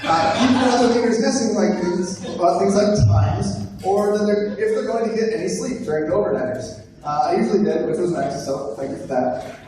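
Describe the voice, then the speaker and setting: A man's voice: high voice, fairly quick, crowd noise. A young man emceeing a live roast, reading a top-ten list with frequent hesitant fillers. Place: large echoey room at a live event. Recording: echoey room, far mic, noisy. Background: audience laughter.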